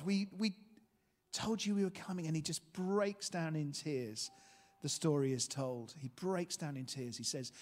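A man preaching a sermon, telling a story with lively energy and asking his listeners questions. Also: high-pitched, moderate pace. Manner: animated storytelling, asks the room questions. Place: church hall. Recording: long hall reverb.

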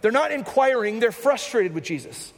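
A man's voice: very high voice, lively intonation, moderate pace. A man, a pastor, giving a sermon in a conversational teaching manner with frequent asides to the congregation. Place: church sanctuary. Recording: long hall reverb.

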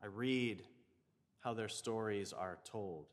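A man's voice: on the low side, slow, in a large hall. Reflective male chaplain telling a story. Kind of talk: storytelling sermon.

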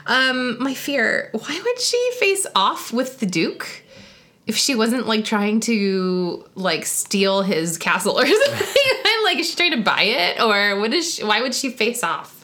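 A woman co-hosting a casual podcast, her voice bright and clear, her pitch rising and falling a lot. She talks in a chatty way, giggling often and filling gaps with "like" and "um". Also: sing-song, a little slow. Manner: giggly, chatty, many fillers. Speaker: podcast co-host. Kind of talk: casual chat.

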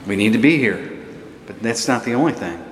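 A man's voice: on the low side, lively intonation, a little fast, a little hiss or hum. A man giving a homily in a conversational, storytelling way, chuckling now and then. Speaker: priest. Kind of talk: sermon. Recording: echoey church hall.

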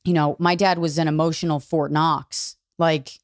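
A woman comedian, a podcast guest, talking candidly and profanely in an animated storytelling way. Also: deep voice, normal speed, no echo, clean studio sound. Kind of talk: casual podcast conversation.

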